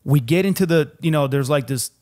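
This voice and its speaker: A man's voice: on the high side, fairly quick, a little mellow. Profane, rambling young man telling stories. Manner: profane, rambling storyteller saying "dude" a lot. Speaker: podcast co-host. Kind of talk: casual chat.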